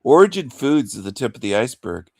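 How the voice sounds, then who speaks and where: A man's voice: medium pitch, big pitch swings, fast talker, creaky, no room sound, clean studio sound. A man hosting a livestream rant in a mocking, taunting manner, chuckling between insults. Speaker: livestream host.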